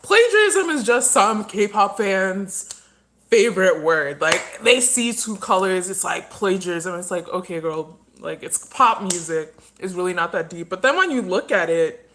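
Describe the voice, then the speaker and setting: Woman ranting casually on her livestream, eating, mid-pitch voice, chatty. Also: expressive, a little slow, fairly bright tone, slight background noise. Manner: opinionated, rambling, talks while eating. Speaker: livestream host.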